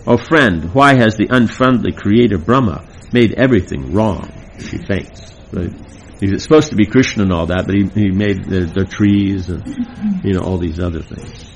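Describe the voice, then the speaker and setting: A man's voice: lowish voice, slight background noise, rough recording. A man reading a devotional play aloud to a class, breaking off for casual comments. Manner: plain reading broken by chatty comments.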